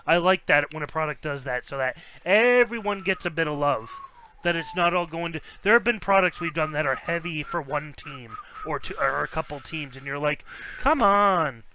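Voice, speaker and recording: A man's voice: fairly high pitch, normal speed, bright, forceful tone, slight background noise, low-quality recording. A man casually chatting to viewers as host of a live sports card break, rambling and joking. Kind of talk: casual live-stream chat.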